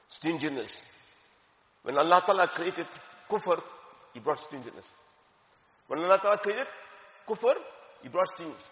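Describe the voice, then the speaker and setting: A woman giving an earnest religious talk, repeating key phrases for emphasis. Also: lowish voice. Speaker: religious teacher. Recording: dull, echoey hall with long reverb.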